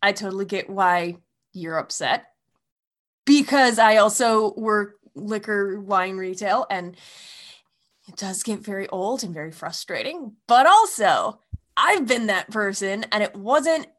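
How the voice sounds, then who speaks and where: A woman in casual chat who works in wine retail, animated and profane. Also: mid-range voice, unhurried. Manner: animated, profane, swooping emphasis.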